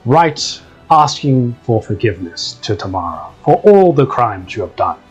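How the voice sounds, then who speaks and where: A man voicing a stern, zealous male orc prison warden who speaks in a slow, solemn, menacing way. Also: medium pitch, big pitch swings, slightly rough, faint music behind.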